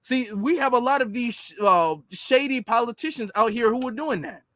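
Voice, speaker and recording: Sarcastic high-voiced male commentator. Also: moderate pace, no echo. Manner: sarcastic, animated, mocking. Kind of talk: casual commentary vlog.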